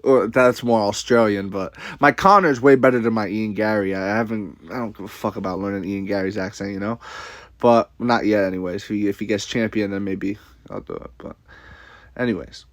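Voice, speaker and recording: A man's voice: lowish voice, fairly even intonation, fairly quick, no room sound. A man ranting casually to camera with a blunt, profane, rambling manner, repeating himself. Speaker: commentator.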